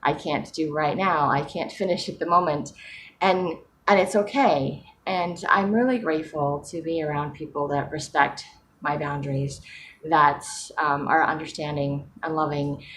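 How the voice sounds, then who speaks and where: A woman with a low voice talks to the camera in a relaxed, rambling way. She fills her sentences with ums and breaks into soft laughs as she goes. A faint hiss runs under the recording. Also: normal speed. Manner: chatty and rambling, with frequent fillers and soft laughs. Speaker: vlogger. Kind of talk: casual personal vlog.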